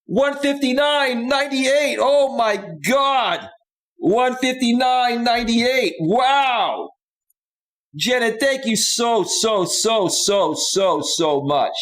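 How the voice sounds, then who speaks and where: This is a man hosting a live stream, laughing through most of it and letting his words stretch out slowly. His voice sits fairly high for a man. Now and then he bursts into loud, excited thanks to his donors. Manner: slow, drawn-out delivery with loud outbursts. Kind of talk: live stream chat reading.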